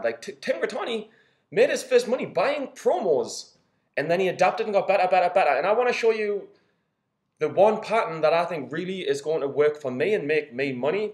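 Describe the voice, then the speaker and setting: A young man with a Geordie accent, talking casually and upbeat to camera, his voice slightly hoarse. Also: a little high. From Newcastle, England. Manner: chatty and upbeat, laughs while talking, swears casually. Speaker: trading vlogger. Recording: echoey room.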